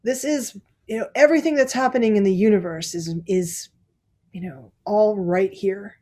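A woman's voice: medium pitch, moderate pace, warm tone. A woman Zen teacher giving a dharma talk, reflective and laughing often between thoughts.

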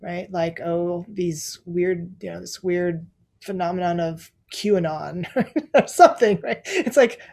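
A woman's voice: lowish voice, unhurried, gravelly, a little mellow. A woman Zen teacher giving a dharma talk, reflective and laughing often between thoughts.

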